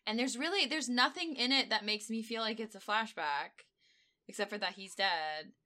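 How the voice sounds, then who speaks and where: A woman co-hosting a podcast in casual chat, rambling with lots of fillers and quick laughs. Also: fairly high pitch, pushed and bright. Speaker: podcast co-host.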